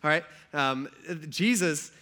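A man's voice: fairly high pitch, takes it slowly. A man preaching a sermon in a casual, conversational way, acting out quotes as he talks. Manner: conversational and animated, acts out quotes. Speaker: pastor.

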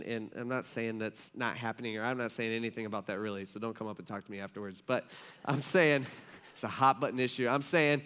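A man's voice: a little high, a bit bright. A male pastor giving a casual sermon, talking conversationally with many fillers and asking the congregation questions. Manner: conversational, filler-heavy, asks the room questions.

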